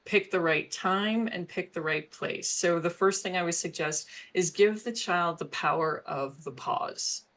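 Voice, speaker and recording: A woman's voice: on the low side, a little slow, few pauses, a bit bright, a little hiss or hum. A middle-aged woman, a guest with an HR background, explaining parenting ideas earnestly and laughing between points. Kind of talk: explanatory interview talk.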